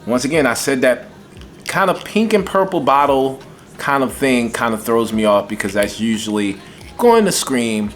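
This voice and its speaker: A man reviewing fragrances in a casual vlog, excitable and enthusiastic, with a folksy way of talking. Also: medium pitch, moderate pace, soft background music.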